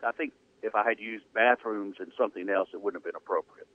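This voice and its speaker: A man hosting sports talk radio, ranting with animated sarcasm. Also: lowish voice, fast, dry recording. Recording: dry tinny phone-like radio audio.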